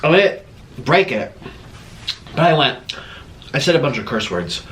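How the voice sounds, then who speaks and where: Male mukbang host, chatty and rambling, lively pitch, echoey room tone. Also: unhurried. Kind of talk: casual chat while eating. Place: room at home. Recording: echoey room with faint background noise.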